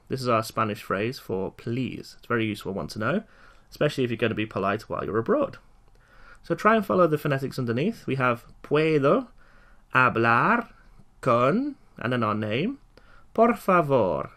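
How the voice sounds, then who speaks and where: A man giving a recorded lecture for learners, slowly and clearly repeating each phrase for them to follow. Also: mid-range voice, fairly bright tone. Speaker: language teacher.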